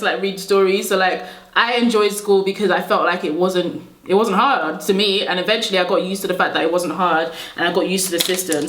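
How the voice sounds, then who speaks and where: Chatty woman in an echoey room. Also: on the low side. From Nigeria. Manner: chatty, rambling, laughs often, many "like" fillers. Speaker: beauty vlogger. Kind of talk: casual storytelling while doing makeup.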